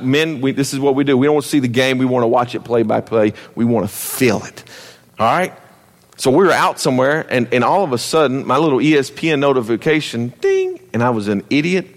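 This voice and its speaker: Male pastor, conversational sermon delivery, dramatic loud-to-hushed swings, reverberant hall. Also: a little high. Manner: conversational preaching with repeated calls to listen.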